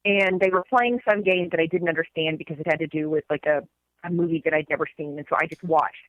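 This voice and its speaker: A woman's voice: sits low, steady tone, quick pace, dry recording, muffled recording. Upbeat woman, dry close sound. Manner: enthusiastic, laughs easily. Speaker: podcast co-host. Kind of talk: casual chat.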